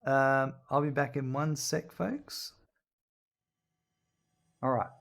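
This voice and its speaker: A man's voice: mid-range voice, little pitch movement, normal speed, a bit bright. Laid-back man streaming a game. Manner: rambling, reads out viewer chat. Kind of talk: casual chat while playing.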